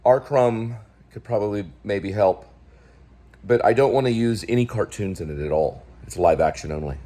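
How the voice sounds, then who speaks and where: A man's voice: fairly low pitch, normal speed, mellow. A man hosting his own show, talking casually through a film production meeting, thinking aloud in a rambling way with restarts. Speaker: filmmaker and show host.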